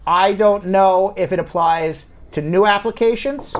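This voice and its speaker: A man in a casual live show, an immigration lawyer and host, swinging from loud joking to sober explanation. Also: high-pitched, a little slow.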